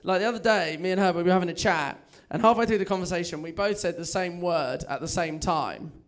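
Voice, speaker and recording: At a quick pace and in a high-pitched voice, a young Englishman works a comedy club crowd with a chatty, self-deprecating stand-up routine, laughing at his own material.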